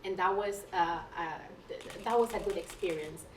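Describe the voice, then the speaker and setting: A woman's voice: fairly low pitch, moderate pace, slight background noise. Woman telling her story in a roomy hall. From Puerto Rico. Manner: lively storyteller with frequent restarts. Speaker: guest speaker, nurse. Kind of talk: personal storytelling talk. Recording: roomy sound from a distant mic.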